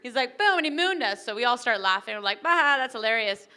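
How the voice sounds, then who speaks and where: A young woman doing an animated, chatty stand-up comedy set at a wedding reception, acting out little characters. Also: on the high side, quick pace.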